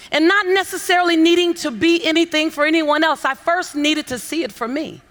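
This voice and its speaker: A woman giving a motivational keynote on a conference stage, coaxing the audience into call-and-response and building to shouts with repeated phrases. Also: high voice. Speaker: motivational speaker. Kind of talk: keynote speech to a conference crowd. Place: large conference hall on stage.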